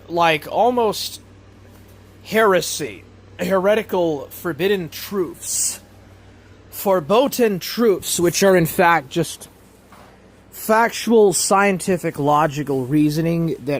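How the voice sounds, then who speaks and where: A man hosting a livestream, rambling through a monologue and reading out chat messages, repeating himself and drifting between loud and muttered. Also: a little high. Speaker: livestream host.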